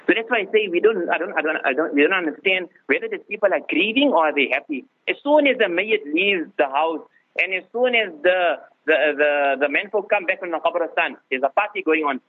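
Husky-voiced preacher on lo-fi radio. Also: male voice, high-pitched, expressive, brisk. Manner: repetitive, restarts phrases for emphasis. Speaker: mufti giving a talk. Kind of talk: informal religious talk. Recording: lo-fi radio broadcast, phone-like band.

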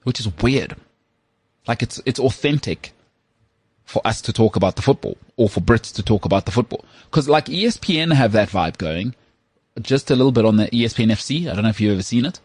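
A South African man co-hosting a sports podcast who works as a voice artist, talking in an animated, opinionated way. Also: medium pitch, fairly quick, breathy edge, dry recording. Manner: animated, opinionated, mimics accents. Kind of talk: casual chat.

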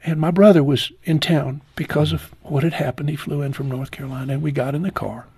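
A man in his sixties, a guest in an interview, telling a heartfelt personal story slowly, his voice falling low and soft at painful moments. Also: steady tone, slightly rough.

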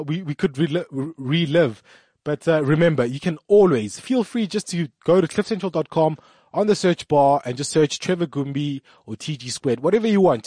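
A man's voice: fairly high pitch, a little mellow, no echo, studio quality. A male radio show host doing a rambling, joking promo. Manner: rambling, joking, laughs at himself. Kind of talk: promo talk.

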